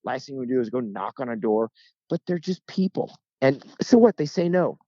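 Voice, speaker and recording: A man, a guest turkey hunter, telling stories in a casual interview with lively, joking delivery. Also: medium pitch, normal speed, no room sound, lo-fi sound. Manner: lively, joking, acts out voices in anecdotes.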